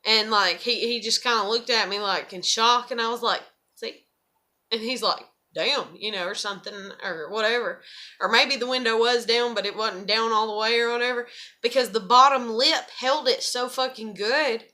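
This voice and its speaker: A woman's voice: fairly high pitch, moderate pace, pushed and bright. A young woman chatting in a loose, rambling vlog, swearing constantly. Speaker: vlogger. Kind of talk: rambling casual vlog chat.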